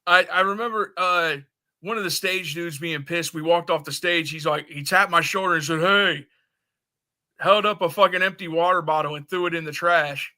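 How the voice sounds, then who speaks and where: Bright-voiced man, laid-back guest. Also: fairly high pitch, normal speed. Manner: laid-back, short agreements, rambling recollections. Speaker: podcast guest. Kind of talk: casual chat, reminiscing.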